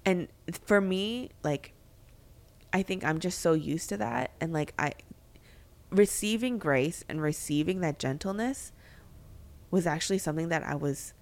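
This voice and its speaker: A woman's voice: fairly low pitch, lively intonation, measured pace. A young woman co-hosting a faith podcast, talking candidly and reflectively, with frequent fillers and restarts. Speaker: podcast co-host.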